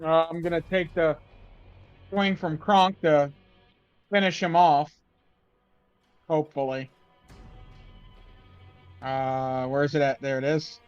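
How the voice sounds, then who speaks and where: A man with a high voice plays at a tabletop game, cheering his friends on and getting worked up over his rolls. He talks at an unhurried pace, and the recording is dry and close. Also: clear, resonant tone, no echo, dull audio, soft background music. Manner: excitable, cheering. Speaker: player.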